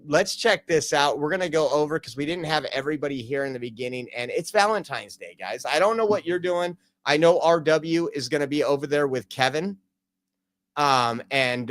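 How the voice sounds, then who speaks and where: A man with a medium-pitched, fairly bright, clean voice hosts a casual live stream from home on his streaming computer. He rambles loosely, packs his talk with fillers, and reads jokes aloud.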